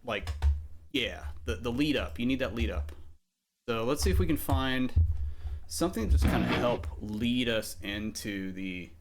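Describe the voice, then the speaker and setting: A man's voice: mid-range voice, lively intonation, measured pace, gravelly, over loud music. A man streaming live as he writes riffs, chatting casually and jokingly with lots of fillers. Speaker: streamer and songwriter. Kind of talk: casual livestream chat while composing.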